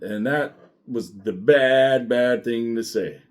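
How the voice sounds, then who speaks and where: A middle-aged man, a former sheriff's deputy, telling his story in a blunt, profane and animated way. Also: mid-range voice, slow pace. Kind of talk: casual storytelling monologue.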